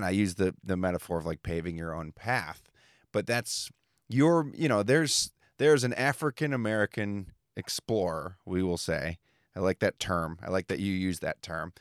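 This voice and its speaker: A man's voice: lowish voice, no echo, studio quality. A man hosting an interview, asking thoughtful questions while searching for his words. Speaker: podcast host.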